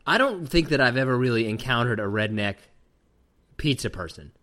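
A man's voice: medium pitch, expressive, moderate pace, sharp tone. A man hosting a talk show, teasing his co-host in dry, casual banter.

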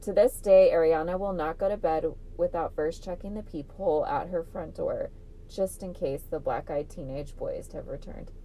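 A female podcast co-host with a lowish voice cuts in with teasing, quick remarks. A faint hiss of noise sits under her voice. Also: warm tone. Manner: teasing, quick reactions and interjections. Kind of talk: casual chat.

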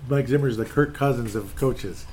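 At a moderate pace and medium pitch, a man in a little mellow voice rants casually and ramblingly about his team's game, sounding fed up as he reads posts aloud. He's a sports fan commentator speaking solo, and the recording carries a little hiss or hum.

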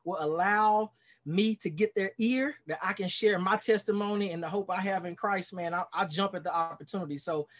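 A man's voice: sits high, normal speed, fairly bright tone. A man who is a pastor, talking as a guest in a casual podcast interview, earnest and enthusiastic, often restarting and repeating his words. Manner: talkative self-described extrovert.

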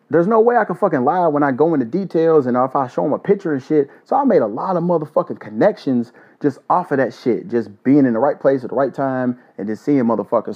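A man's voice: mid-range voice, breathy edge, lo-fi sound. A man from Louisville, hosting a solo podcast and ranting in a loose, joking, heavily profane way. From Louisville, Kentucky. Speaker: podcast host.

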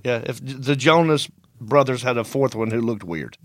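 A man's voice: mid-range voice, normal speed. A man, a stand-up comedian, telling rambling, self-interrupting stories as a podcast guest.

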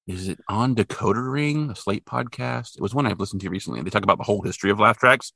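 A fast-talking man with a low, creaky voice co-hosts a podcast, casually recapping a cartoon episode and dramatizing bits of the plot in lively fashion. The studio-quality recording has no room sound.

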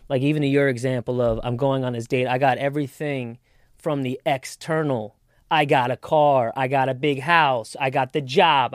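A man on a podcast giving an animated, profane motivational talk in casual chat. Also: medium pitch, no echo, clean studio sound.

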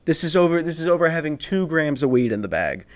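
A man's voice: a little high, very animated, fast talker. Profane rambling young man telling stories. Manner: rambling, profane, laughing, with many restarts. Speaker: podcast host. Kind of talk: casual storytelling chat.

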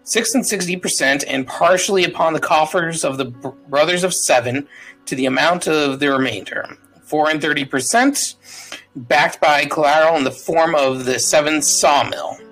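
A man reads a long legal deed aloud during a tabletop game, pausing and stumbling over the words. His voice sits a little above the usual male range. Faint music plays quietly underneath. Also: fairly high pitch, poor audio. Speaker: player.

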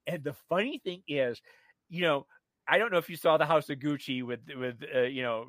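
A man co-hosting a radio show, telling a story in a gossipy, animated way with many fillers and restarts. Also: fairly high pitch, a little fast, no room sound. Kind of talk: casual radio chat. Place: radio studio.

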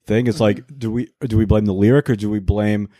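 A man co-hosting a casual chat, making dry deadpan jokes. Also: fairly low pitch, brisk, no echo. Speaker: podcast co-host.

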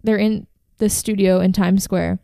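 A woman's voice: medium pitch, fairly even intonation, measured pace, vocal fry, mellow, smooth, dry recording, clean studio sound. A woman casually telling a band's history on a podcast, chatty and profane, full of "like" and "um". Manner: chatty, profane, uses fillers like "like" and "um". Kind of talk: casual storytelling chat.

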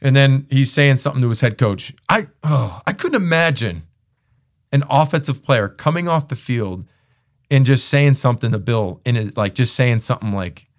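A man co-hosting a casual sports podcast, telling stories with energy and often jumping into mimicking voices. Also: moderate pace. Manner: animated storyteller, jumps into high mimicking voices.

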